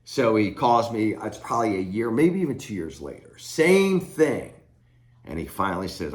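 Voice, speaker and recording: A middle-aged man speaks as a recovery coach, offering blunt, plain-spoken advice directly to the camera. His voice sits on the low side with wide pitch swings, and he talks at a normal speed. The room is echoey.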